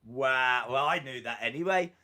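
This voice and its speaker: A man's voice: medium pitch, normal speed, sharp tone. A man with a British accent co-hosting a live stream, chatting casually in a playful, teasing way. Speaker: podcast co-host.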